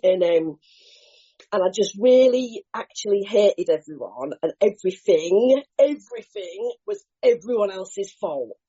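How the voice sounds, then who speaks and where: Husky woman sharing her recovery story. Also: medium pitch, a little slow, highs cut off. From England. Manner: earnest, animated storytelling, mimics other voices. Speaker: recovery meeting speaker. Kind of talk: personal share at a recovery meeting.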